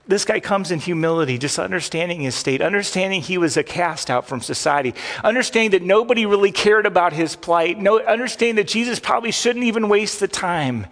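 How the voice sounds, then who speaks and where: A man's voice: high voice, fairly quick, fairly bright tone. Man preaching in a reverberant hall. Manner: conversational preaching with restarts, acting out cries and prayers. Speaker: pastor. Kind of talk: sermon.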